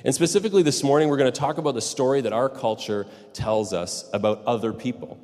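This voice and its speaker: A man's voice: medium pitch, fast talker, a little mellow, long reverb tail. A man preaching a sermon as a pastor, opening with a chatty anecdote full of fillers. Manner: conversational storytelling, many fillers.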